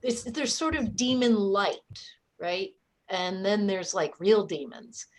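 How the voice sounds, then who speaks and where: A woman's voice: medium pitch, animated, slow pace. A woman at an improv comedy show telling a candid personal story with joking asides. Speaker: improv performer. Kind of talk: storytelling monologue.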